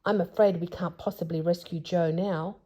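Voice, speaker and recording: A woman voicing a brisk, firm magical man in a storybook reading. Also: on the low side, steady tone, dark tone, close to an everyday voice. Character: bold cheerful round-faced magic man.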